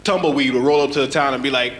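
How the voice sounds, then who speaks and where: A man's voice: medium pitch, rapid-fire. A young man performing a stand-up routine, telling stories casually and acting out other people's voices. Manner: animated storytelling, acts out voices, says "man" a lot. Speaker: stand-up comedian. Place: comedy club stage. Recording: live club with loud crowd and noise.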